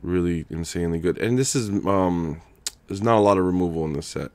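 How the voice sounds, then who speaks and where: A man's voice: sits low, fairly quick, dry recording. A young man casually commenting on his game live, using slang and thanking viewers for donations. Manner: casual, laughs loudly, slangy, reads donations aloud. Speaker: streamer. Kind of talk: live-stream gameplay commentary.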